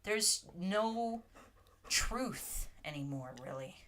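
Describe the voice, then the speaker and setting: Slow, halting woman chatting on a livestream. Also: fairly low pitch, expressive, fairly bright tone, slight background noise. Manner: slow, halting, restarts often, talks to her dog between comments. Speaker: livestream host reading chat. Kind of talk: casual livestream chat.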